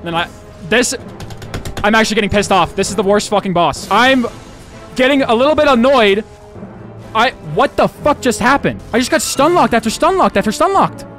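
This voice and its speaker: On a home stream, a young man with a high voice narrates his own gameplay live, his pitch lurching wildly up and down. He's quick to get excited, curses freely, and keeps addressing his chat. His desk mic picks up faint game music underneath.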